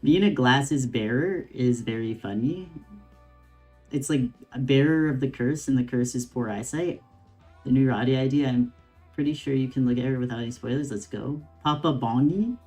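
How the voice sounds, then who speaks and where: A man's voice: mid-range voice, normal speed, a little mellow, faint music behind. A man streaming a game, reading its dialogue aloud and adding laid-back, slangy commentary between the lines.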